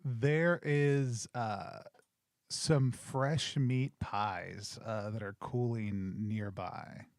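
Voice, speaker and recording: A man's voice: lowish voice, fairly even intonation, extremely slow, no room sound, clean studio sound. A man playing a character in a tabletop game, talking playfully with frequent ums and uhs. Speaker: player.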